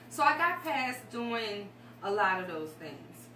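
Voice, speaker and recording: A woman's voice: mid-range voice, sing-song, takes it slowly, hardly any pauses, bright, forceful tone. A woman guest on a talk show, speaking candidly and emotionally about her life, a bit rambling. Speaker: guest sharing her story. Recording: echoey room, distant mic, noisy.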